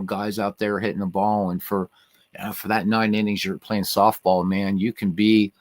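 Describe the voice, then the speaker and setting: A man's voice: fairly low pitch, fairly bright tone, no room sound. A middle-aged man hosting a livestream in a casual, rambling way, with many restarts and "you know" fillers. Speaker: livestream host. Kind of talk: casual chat.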